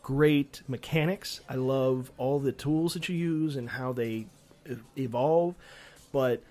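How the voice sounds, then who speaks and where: A man co-hosting a casual gaming podcast, talking in a rambling, animated way with frequent restarts and casual swearing. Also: mid-range voice, slow pace. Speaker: podcast co-host. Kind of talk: casual chat.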